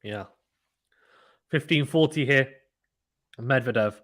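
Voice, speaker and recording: A man hosting a live tennis watchalong stream, calling play-by-play with animated reactions and reading chat messages. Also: medium pitch. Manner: fast, animated play-by-play, reads chat aloud. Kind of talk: excited casual live commentary.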